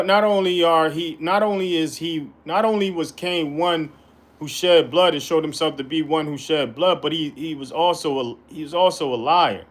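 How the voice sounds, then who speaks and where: A man with a fairly high voice reads scripture aloud and teaches it casually. He stops often to add emphatic, slangy asides of his own. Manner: colloquial, emphatic commentary between verses. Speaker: Bible teacher. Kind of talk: informal Bible study reading.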